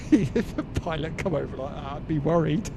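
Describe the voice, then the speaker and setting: A man chatting casually on a flight sim live stream, talkative and quick to laugh. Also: a little high, lively intonation, noisy background. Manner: chatty, laughs easily, uses slangy exclamations.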